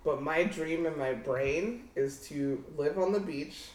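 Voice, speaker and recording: A man's voice: on the high side, slow pace, a little mellow. A man co-hosting a casual game chat, playful and laughing often. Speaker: podcast co-host. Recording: echoey room with noise.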